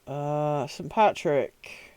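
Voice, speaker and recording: British streamer rambling and cursing away, smooth clear voice, dry close sound. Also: medium pitch, very slow, a little mellow, dry recording. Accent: British English. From Britain. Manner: rambling, swears often, self-mocking asides. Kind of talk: casual live-stream chat.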